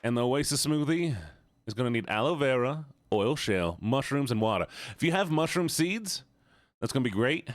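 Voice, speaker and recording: A man's voice: mid-range voice, lively intonation, normal speed, no echo. Laid-back Southern man streaming a game. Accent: Southern US, Georgian. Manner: laid-back, chatty, laughs often, talks to chat. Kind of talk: casual gaming stream chat.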